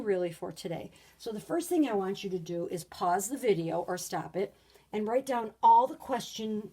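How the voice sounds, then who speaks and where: A woman teaching a recorded grade-school lesson, patient and clear, sometimes reading example sentences with lively exclamations. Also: medium pitch. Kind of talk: recorded video lesson for children.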